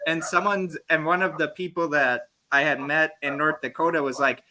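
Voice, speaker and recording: A man's voice: fairly high pitch, fairly even intonation, normal speed, pushed and bright, a little hiss or hum. A man co-hosting a comedy podcast, telling a story and laughing often. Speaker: podcast co-host. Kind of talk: crude comedic banter.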